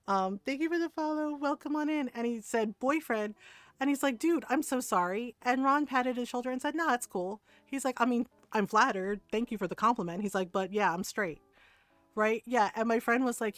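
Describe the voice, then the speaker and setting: A woman's voice: mid-range voice, no room sound. A middle-aged woman streaming a game, chatting casually, telling stories, quoting people and laughing often. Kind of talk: casual chat while gaming.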